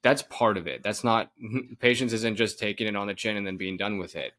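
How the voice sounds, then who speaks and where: Lowish-voiced man, animated podcast chatter. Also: fairly quick. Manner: animated storytelling, frequent laughs and restarts. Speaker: podcast co-host. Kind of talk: casual chat.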